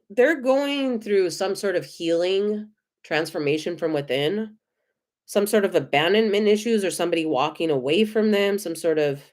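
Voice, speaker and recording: Gentle, effusive American woman tarot reader. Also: on the low side. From United States. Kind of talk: live-stream tarot reading.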